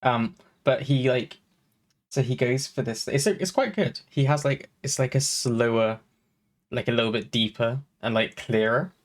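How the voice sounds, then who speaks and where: A man chatting loosely on a home podcast mic, pitched at an ordinary middle height for a man. He rambles, trails off and restarts his sentences often, peppering them with ums and likes. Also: measured pace. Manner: rambling, many fillers and restarts. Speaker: podcast co-host. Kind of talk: casual chat.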